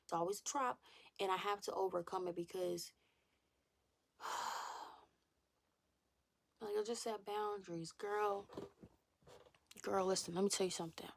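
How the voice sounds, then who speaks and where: Candid young woman with a gravelly voice. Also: mid-range voice, a little slow, pauses often. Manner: animated and confessional, with repeated phrases and drops to a whisper. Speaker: faith vlogger. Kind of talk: candid casual chat to camera.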